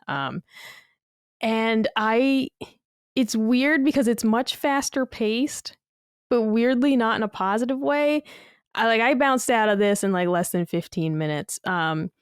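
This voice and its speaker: Smooth-voiced woman, chatty podcast rambler. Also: mid-range voice, dry recording, studio quality. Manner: rambling, filler-heavy, laughs and swears casually. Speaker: podcast co-host. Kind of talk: casual gaming podcast chat.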